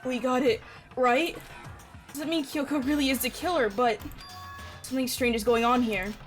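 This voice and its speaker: A young woman giving emotional let's-play commentary, with loud reactions, laughing and wailing. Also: high voice, fairly even intonation, normal speed, faint music behind. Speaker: gaming channel host.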